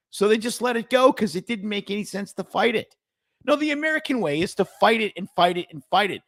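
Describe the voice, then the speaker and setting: A man's voice: high voice, expressive, fairly quick, gravelly, no room sound, studio quality. A man co-hosting a casual chat over drinks, ranting and sarcastic, swearing freely. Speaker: podcast co-host.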